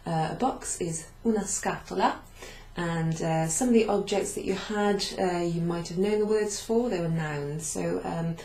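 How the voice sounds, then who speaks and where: A woman's voice: on the low side, unhurried, darkish tone. A woman teaching a beginner language class, explaining patiently, repeating phrases and writing on a board as she goes. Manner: writes on a board while talking, turning away at times. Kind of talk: recap of a beginner Italian class. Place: classroom-like room with a whiteboard. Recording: echoey room, faint background hum.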